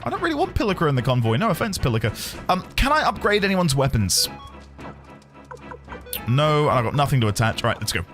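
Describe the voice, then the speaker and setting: A man's voice: fairly high pitch, wildly swooping pitch, quick pace, long pauses, a bit bright, faint music behind. A man streaming a video game, chatting casually and joking as he plays. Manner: playful, joking, bursts of laughter. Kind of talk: casual let's-play commentary.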